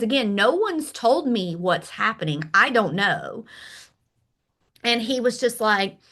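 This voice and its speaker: A middle-aged woman guest candidly telling a personal story, emphatic and animated. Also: a little high. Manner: animated, emphatic, acts out quoted dialogue. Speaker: podcast guest.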